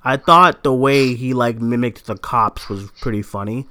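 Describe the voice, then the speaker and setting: A man's voice: medium pitch, normal speed, sharp tone. A man from Boston hosting a casual live chat, talking loosely with lots of fillers. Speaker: host.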